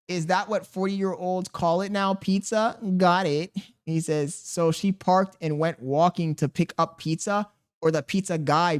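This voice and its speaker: A man's voice: on the high side, a little mellow. A man livestreaming in casual chat, reading his viewers' messages aloud and muttering to himself in an exasperated, profane way.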